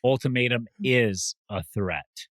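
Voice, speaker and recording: A man hosting a podcast, chatting casually in a relaxed, agreeable way. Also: medium pitch, slow, dry recording. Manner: relaxed, agreeable, lots of "yeah". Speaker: podcast host. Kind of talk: casual chat.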